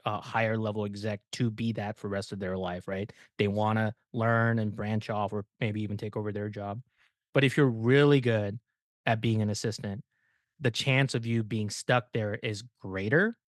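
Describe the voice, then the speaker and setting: A man's voice: lowish voice, no echo, studio quality. A young man telling stories in a casual podcast chat, ranting and swearing, often laughing as he goes. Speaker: podcast guest. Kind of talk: casual storytelling.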